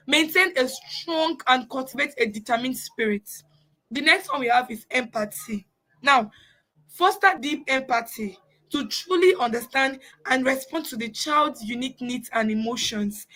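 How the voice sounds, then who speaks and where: A woman's voice: sits high, normal speed, bright, forceful tone, low-quality recording. A woman teaching parents of children with special needs, in an earnest, repetitive way. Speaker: parenting coach. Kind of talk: informal teaching talk.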